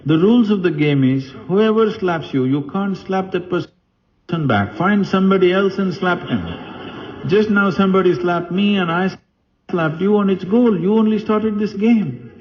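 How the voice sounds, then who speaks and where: A man voicing an exasperated queen who rapidly scolds the emperor, on a slightly muffled recording. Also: sits high, lively intonation, pitched above the performer's own voice.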